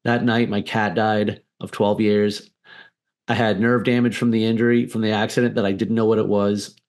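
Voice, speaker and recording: A man's voice: fairly low pitch, little pitch movement, normal speed, a little mellow. A man as a podcast guest, telling a candid personal story in a blunt, defiant way with frequent swearing.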